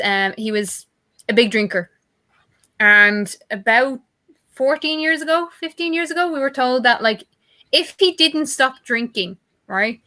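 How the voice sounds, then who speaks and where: A woman's voice: fairly high pitch, pushed and bright. A woman chatting casually on a call-in stream, blunt and full of swearing. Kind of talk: casual chat.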